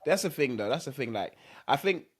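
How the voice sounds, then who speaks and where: A man co-hosts a casual podcast chat and agrees readily with his partner. He laughs often and steers toward calm, and his voice swings lively up and down at a middle pitch. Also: brisk, breathy edge. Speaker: podcast co-host.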